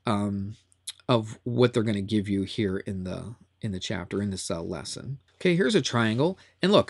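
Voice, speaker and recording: A man's voice: lowish voice, no room sound, clean studio sound. A man teaching a recorded math lesson in a chatty, upbeat way that often repeats itself.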